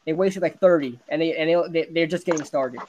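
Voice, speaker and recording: Excitable young man ranting about football. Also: fairly high pitch, fast talker. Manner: excitable, ranting, laughs often. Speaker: podcast host. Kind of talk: casual sports chat.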